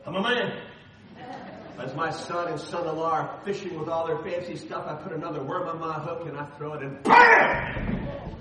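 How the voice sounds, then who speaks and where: A middle-aged man preaching a sermon as the pastor, telling personal stories with animated, self-deprecating humor. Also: on the high side, a little fast, heavy reverb, recorded from a distance, noisy background.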